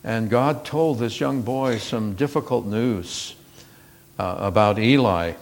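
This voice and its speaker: A man's voice: on the low side, slow, slight background noise. Earnest man preaching a sermon. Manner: earnest storytelling with frequent fillers and restarts.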